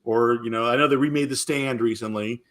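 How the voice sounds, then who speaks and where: A middle-aged man hosting a podcast, chatting casually and telling stories in an animated, rambling way with frequent restarts. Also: mid-range voice, fairly quick. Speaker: podcast host. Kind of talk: casual chat.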